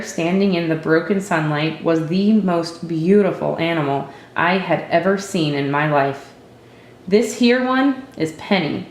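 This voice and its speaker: A woman reads a first-person story aloud in a steady, reflective way. Her voice sits on the low side for a woman, and a roomy echo hangs around it. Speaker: narrator. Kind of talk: storybook reading.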